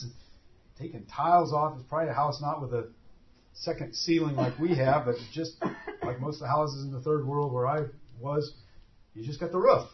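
A man's voice: on the high side, moderate pace, slight background noise. A man preaching a sermon, telling the story vividly and acting out the scenes as he goes. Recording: dull lo-fi recording.

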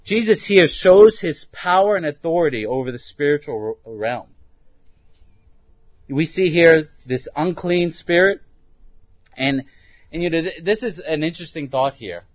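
A man's voice: on the high side, lively intonation, a little slow, no echo. Male preacher mid-sermon, questions the congregation, dry, slightly dull recording. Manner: asks the listeners many rhetorical questions; restarts and repeats words while thinking aloud.

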